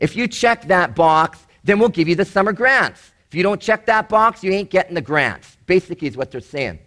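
Middle-aged male pastor from Canada, high voice, chatty sermon delivery with playful asides. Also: very animated, fast talker, sharp tone. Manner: conversational, jokey, acts out quoted voices.

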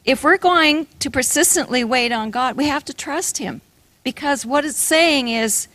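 A woman's voice: sits high, unhurried, bright, forceful tone, no echo. An older woman preaching a sermon, telling a personal story in an earnest way and asking the audience questions.

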